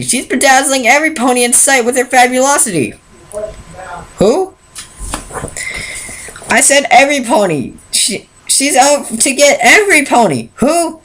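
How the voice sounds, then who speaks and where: A woman's voice: high voice, a bit bright, pitched above the performer's own voice, exaggerated voice, low-quality recording. A woman doing an exasperated pony guard captain. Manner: urgent and exasperated commands. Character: earnest young male unicorn guard captain.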